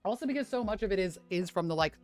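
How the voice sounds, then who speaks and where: A woman's voice: medium pitch, lively intonation, rapid-fire, darkish tone, faint music behind. Foul-mouthed ranting woman streamer. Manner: profane, ranting, chatty. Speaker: fitness streamer. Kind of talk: casual livestream chat.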